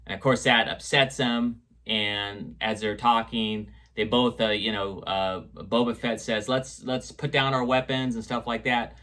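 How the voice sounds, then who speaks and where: A man's voice: mid-range voice, fairly even intonation, measured pace, hardly any pauses, sharp tone. A man reviewing an episode in casual chat, rambling with fillers and restarts as he retells scenes. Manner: retells scenes and echoes quotes. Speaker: show reviewer.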